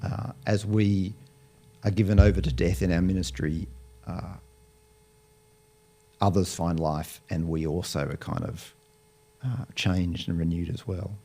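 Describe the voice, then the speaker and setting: Lowish-voiced guy being interviewed, thinks out loud, careful and explaining things. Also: steady tone, a little slow, long pauses. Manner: thoughtful, explanatory, hesitant restarts. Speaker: Bible college lecturer, guest. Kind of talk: conversational interview.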